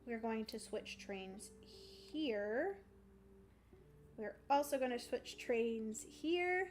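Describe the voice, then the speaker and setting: A woman's voice: a little high, animated, very slow, slight background noise. A woman casually narrating her solo board game playthrough on a livestream, bubbly and playful, talking through each move. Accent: playful put-on country twang.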